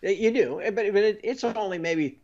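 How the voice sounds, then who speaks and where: A man talking through finance as an interview guest, his voice sitting a little high for a man. He builds each point one step at a time and checks in with the host as he goes. The remote audio comes through dull and lo-fi. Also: a little fast, darkish tone. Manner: explains step by step with frequent "you know" and "okay?". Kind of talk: conversational interview.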